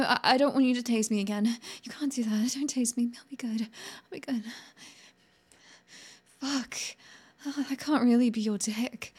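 In an adult audio role-play, a woman with a high voice plays a sharp-tongued young woman who starts out sarcastic and later stammers and pleads.

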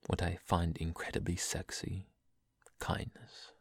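A young man reading poems aloud in a soft, slow, breathy whisper, in the style of ASMR. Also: sits low, flat delivery, dry recording, clean studio sound. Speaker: poetry reader.

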